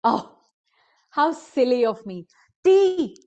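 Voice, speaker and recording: A woman voicing an excitable rich woman who gushes and speaks with emphasis, in a slow told story. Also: a little high, highs cut off, pitched above the performer's own voice. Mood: gushing. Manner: gushing, emphatic.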